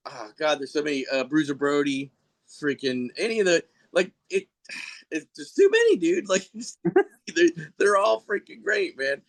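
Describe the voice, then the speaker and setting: With a fairly bright voice on the high side, this middle-aged man rambles through stories as a guest on a podcast. The chat is casual, full of laughter, and he imitates people in quotes.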